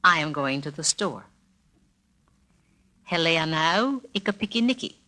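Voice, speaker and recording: A woman narrating a scripted spoken-word language lesson, saying each phrase slowly and carefully and repeating it for the listener. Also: deep voice, expressive, sharp tone. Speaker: language teacher narrating a record.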